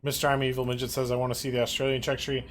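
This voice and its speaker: Relaxed chatty male stream host. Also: medium pitch, racing, a little hiss or hum. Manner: relaxed, chatty, laughs easily. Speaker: stream host reading chat. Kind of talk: casual livestream chat.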